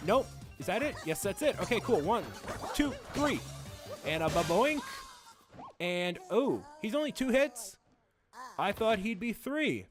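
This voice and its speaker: A man hosting a video game playthrough, rambling through jokey, self-mocking commentary. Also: high voice. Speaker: host.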